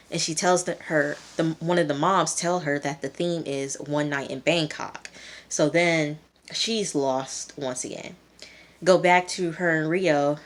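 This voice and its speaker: A young woman giving a chatty, rambling recap of a TV episode, full of fillers and quoted lines. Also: deep voice. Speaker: TV reviewer.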